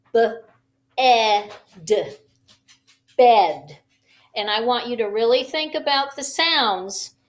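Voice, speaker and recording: Woman teacher doing a home lesson on her phone, high voice, real slow and patient with little kids, stretches out the sounds. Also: fairly bright tone, low-quality recording. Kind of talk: home-learning lesson for young children. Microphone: phone camera.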